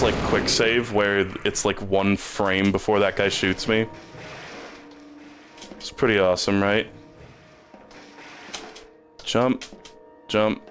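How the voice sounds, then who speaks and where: A man streaming a game, rambling in casual commentary and stumbling over repeated words when he gets stuck. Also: lowish voice.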